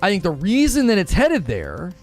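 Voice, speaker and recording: Chatty male streamer, higher voice. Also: wildly swooping pitch, moderate pace, soft background music. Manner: rambling, joking, repeats himself. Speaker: gaming streamer host. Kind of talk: casual live-stream commentary.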